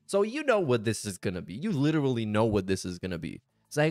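A man's voice: medium pitch, wildly swooping pitch, fast, few pauses, a little mellow, no room sound, clean studio sound. A man hosting a casual reaction commentary, sarcastic, profane and exasperated. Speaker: commentary channel host.

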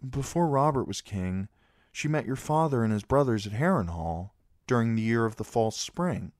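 A man's voice: mid-range voice, expressive, moderate pace, a little mellow, no echo, studio quality, voice pushed up, natural voice. A man voicing a shy, polite boy squire and young lord in a storybook reading, earnest and a little hesitant. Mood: solemn.

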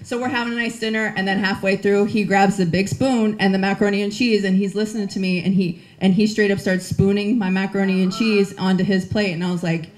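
A woman stand-up comedian in her thirties, telling a chatty, animated story with voiced asides. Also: mid-range voice, fast, hardly any pauses. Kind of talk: stand-up set.

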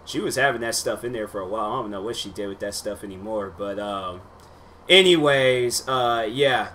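A man's voice: fairly low pitch, moderate pace, sharp tone, slight background noise. A young man in his twenties, a YouTuber chatting loosely and rambling through reactions to his own old videos, full of slang and fillers. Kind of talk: casual rambling commentary.

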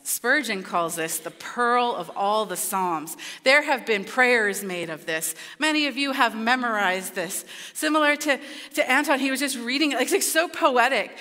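A woman preaching a sermon in a church, in an animated, conversational way that acts out quotes. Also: fairly high pitch. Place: church sanctuary. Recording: long reverb of a church hall.

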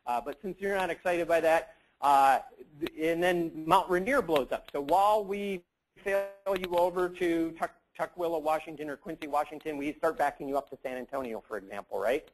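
A man's voice: a little high, normal speed, poor audio. A man giving a casual, joking conference talk, rambling with lots of fillers and asides. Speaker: conference presenter.

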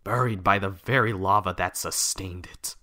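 A man's voice: low voice, moderate pace, pushed and bright. Man doing a bitter, grieving fire warrior. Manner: heavy, angry.

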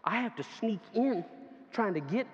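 Animated high-voiced male preacher, echoey hall. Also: normal speed. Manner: animated, laughing storyteller who acts out quoted voices. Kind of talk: sermon with storytelling. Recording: dull, echoey hall sound with faint ambience.

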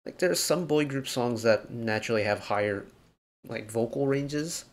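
A man's voice: mid-range voice, animated, normal speed. Rambling man analyzing a song. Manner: analytical, rambling with many fillers. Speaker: K-pop reaction host. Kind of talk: casual reaction commentary.

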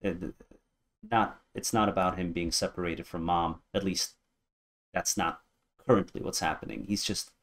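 A man's voice: sits low, fairly even intonation, moderate pace, a bit bright. A man in his thirties hosting a music reaction video, musing aloud and guessing as he goes. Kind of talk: casual reaction commentary.

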